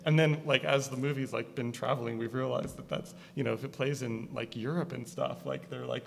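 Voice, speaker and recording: A man from Connecticut with an East Coast accent, a filmmaker talking casually about his film, halting, with many fillers. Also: mid-range voice, steady tone, gravelly. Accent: East Coast American. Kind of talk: casual conversation at a screening. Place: art gallery. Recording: reverberant gallery space.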